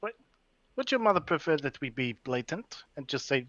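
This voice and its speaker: A man's voice: on the high side, big pitch swings, moderate pace, a bit bright, no room sound, dull audio. A man at a tabletop game, speaking bluntly with a wry edge. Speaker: player. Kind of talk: casual tabletop banter.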